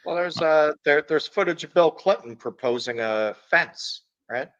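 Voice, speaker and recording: A man's voice: on the high side, animated, measured pace, fairly bright tone. Man co-host on lo-fi audio. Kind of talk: casual political chat.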